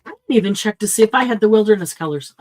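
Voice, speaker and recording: A woman's voice: medium pitch, expressive, quick pace, a little mellow, a little hiss or hum. A middle-aged woman hosting a live craft supply sale, chatting casually and thinking aloud as she sets prices. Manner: chatty, thinks aloud while pricing items.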